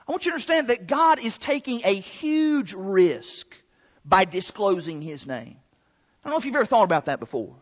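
Very high-voiced preacher in an echoing hall. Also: male voice, a bit bright. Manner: emphatic, drawn-out stresses on key words. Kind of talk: sermon. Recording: long hall reverb, dull lo-fi sound.

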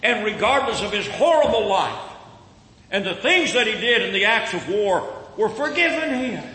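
A male preacher delivers a sermon in a high, ringing voice, repeating himself in earnest restarts. He is recorded in a big hall that echoes with long reverb. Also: big pitch swings, moderate pace, pushed and bright.

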